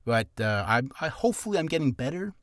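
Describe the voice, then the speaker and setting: A man chatting through vocal warm-up tips in a loose, self-deprecating vlog voice. His pitch swings widely from phrase to phrase, and the sound is close and dry with no room behind it. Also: very animated, dry recording. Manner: rambling, self-deprecating, quick-talking. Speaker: aspiring voice actor giving warm-up tips. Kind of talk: casual vlog tutorial. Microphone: camera on a stand.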